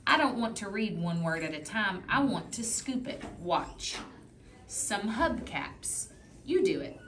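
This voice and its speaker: A woman reading teacher giving a patient, encouraging one-on-one phonics lesson, modeling words slowly for a student. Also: mid-range voice, expressive, fairly bright tone. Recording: roomy with background noise.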